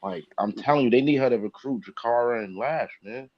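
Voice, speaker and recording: A man's voice: mid-range voice, fairly quick. A man with a mid-range voice trades blunt, slangy remarks in a loose conversation. His sound is slightly dull, as if recorded with a modest mic. He talks in short, punchy bursts. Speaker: podcast co-host. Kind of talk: casual chat.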